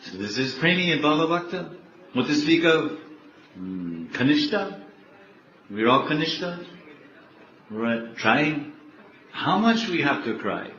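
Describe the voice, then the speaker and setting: An older man, a spiritual teacher, giving a devotional lecture slowly, repeating words and laughing often. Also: on the high side, very animated, a bit bright. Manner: slow, repetitive, laughing often. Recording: echoey, dull, faint background noise.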